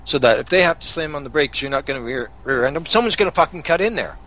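A man's voice: fairly high pitch, animated, fast talker, fairly bright tone. A man from Canada hosting a podcast, telling angry road-rage stories in a profane, casual rant. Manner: angry, swearing storyteller. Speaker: podcast host.

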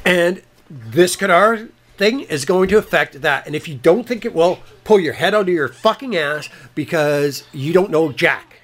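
A man's voice: on the high side, expressive, unhurried, a bit bright. A Canadian man co-hosting a podcast, delivering blunt, profane political commentary in a combative tone. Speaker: podcast co-host.

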